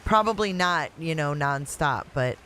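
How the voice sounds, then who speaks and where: A woman with a Michigan accent hosts a casual livestream from her Florida home while riding out a hurricane, chatting and answering viewer comments one after another. Her low voice is expressive, bright, and forceful, a little slow, on a rough recording with slight background noise.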